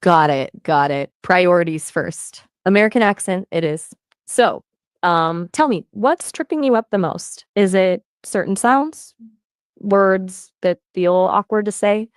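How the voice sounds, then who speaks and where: A synthetic-sounding woman's voice as an AI conversation partner, upbeat and playful, with lively jumps in pitch. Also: a little slow, clean tone, no echo, clean studio sound. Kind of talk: chatty voice assistant conversation.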